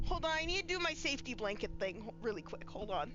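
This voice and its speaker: A woman with a high, bright voice streams a horror game from her bedroom. She chats along nervously and keeps breaking into scared squeals and shrieks. Soft music plays faintly behind her. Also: big pitch swings, fast talker, few pauses. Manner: jittery, scared, squealing outbursts. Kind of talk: live gameplay commentary. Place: home bedroom.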